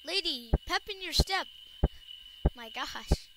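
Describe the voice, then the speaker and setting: High-voiced chatty woman playing a game. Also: animated, slow pace, a bit bright, slight background noise, poor audio. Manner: chatty and rambling, lots of filler words. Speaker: gamer. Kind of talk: casual gameplay commentary.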